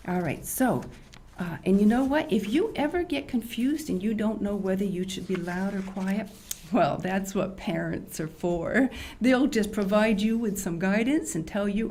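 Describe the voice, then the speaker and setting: An older woman hosting a children's show, teaching young kids in an animated, teacherly way and asking them questions. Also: medium pitch, moderate pace, slight background noise.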